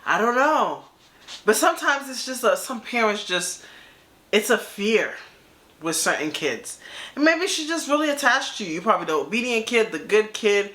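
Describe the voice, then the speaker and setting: Lively, bright-voiced woman reacting. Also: fairly high pitch, moderate pace. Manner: slangy, laughs often, talks straight to the storyteller. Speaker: reaction video host. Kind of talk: casual reaction commentary.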